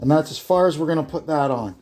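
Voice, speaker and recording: Recorded on a nearby propped-up phone amid heavy background noise, a man with a fairly high voice narrates a brake lathe repair in his garage. He explains each step casually, pausing and using fillers as he thinks aloud while working.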